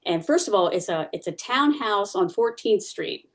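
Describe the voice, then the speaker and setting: A woman's voice: mid-range voice, lively intonation, normal speed. A woman giving a personal testimony in church, telling her story casually, with many fillers and restarts.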